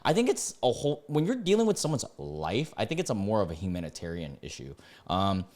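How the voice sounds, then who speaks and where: A young man in his late twenties with a lowish voice that swings widely in pitch. He reads posts aloud, then breaks into excitable, ranting reactions with sudden high jumps. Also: fairly quick. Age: 20s. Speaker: YouTuber reading Reddit posts. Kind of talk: reacting to and reading online posts.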